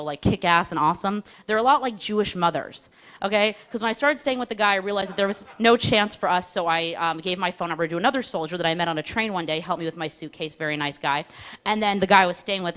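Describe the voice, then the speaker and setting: A young woman telling a stand-up comedy story in a chatty, self-mocking way, slipping into quick voices for other people. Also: on the low side, a bit bright.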